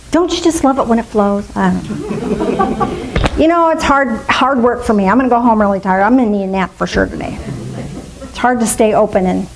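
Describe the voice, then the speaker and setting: Playful, high-voiced woman minister. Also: normal speed, long pauses, a little hiss or hum, rough recording. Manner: warm, playful, musing aloud with asides. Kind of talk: spiritual talk to a congregation.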